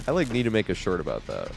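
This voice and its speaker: A man's voice: on the low side, creaky. A man streaming a game, chatting casually and telling stories with lots of laughter and swearing. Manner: laughs often, swears freely, tells stories animatedly. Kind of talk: casual live gameplay commentary.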